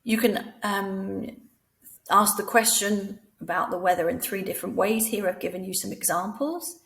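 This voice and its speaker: Woman explaining classroom French with creaky voice. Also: mid-range voice, normal speed, fairly bright tone, low-quality recording. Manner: explains patiently, models French phrases with rising questions. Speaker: French teacher trainer. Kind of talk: recorded training lesson.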